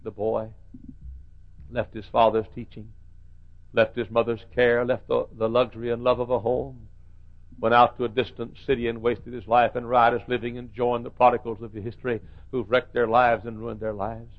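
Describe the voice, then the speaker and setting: A man preaching a sermon in a church, swinging from hushed lines to shouting. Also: medium pitch, flat delivery, moderate pace, phone-quality sound.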